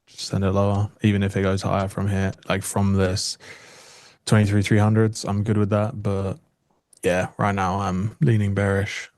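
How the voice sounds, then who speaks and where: A man's voice: fairly low pitch, monotone, normal speed, darkish tone, no room sound. A man with a British accent, talking casually about his trades over earbuds on a call. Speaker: trader guest. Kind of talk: casual trading chat. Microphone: earbuds over a computer call.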